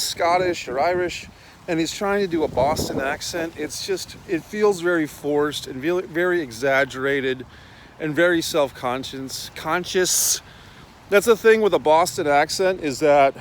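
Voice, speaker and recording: A middle-aged man rambles through a casual outdoor rant, blunt and full of swearing. His voice sits somewhat high for a man. Faint traffic and street sounds run under him. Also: rough recording. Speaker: host. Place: outdoors, walking in town.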